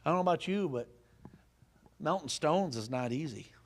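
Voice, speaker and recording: Folksy storytelling pastor, slightly high voice. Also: male voice, normal speed. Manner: lively storytelling, folksy jokes, asks the audience questions. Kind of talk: sermon.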